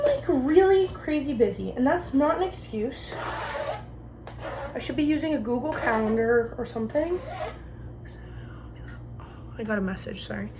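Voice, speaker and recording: A woman's voice: a little high, moderate pace, long pauses, a little hiss or hum. A woman in her twenties from New Jersey telling stories in a chatty, slangy way while she cooks in her home kitchen. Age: 20s. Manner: chatty, slangy, animated retelling. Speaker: vlogger. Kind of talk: casual storytelling while cooking.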